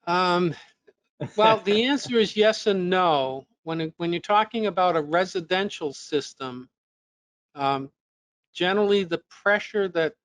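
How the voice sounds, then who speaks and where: A man's voice: high voice, measured pace, a bit bright, clean tone, no echo. A man presenting a technical webinar lesson, explaining step by step with fillers and restarts, his voice a little worn. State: losing his voice.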